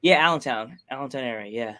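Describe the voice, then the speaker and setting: A man hosting a podcast, telling rambling, excitable stories in casual chat. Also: medium pitch, fast talker. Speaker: podcast host.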